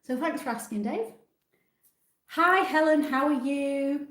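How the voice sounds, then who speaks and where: A woman in her sixties runs a casual live stream, reading out viewer comments and answering each one in a chatty, self-deprecating way. Her voice sits a little on the high side. The sound carries a noticeable room echo. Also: slow, fairly bright tone. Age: 60s.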